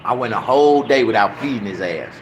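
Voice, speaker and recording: A man telling a crude, animated, slang-heavy anecdote in a casual, profane style. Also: mid-range voice, brisk, a little hiss or hum, rough recording. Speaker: comedic storyteller.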